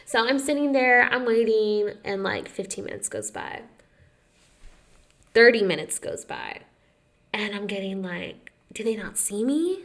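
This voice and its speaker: Young woman with a gravelly, fry-heavy voice and a mid-range pitch. She chats casually as a podcast co-host, spins out her story at length, drops "like" constantly and acts out every quote along the way. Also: a little slow, long pauses. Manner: animated storyteller who acts out quotes, says "like" often.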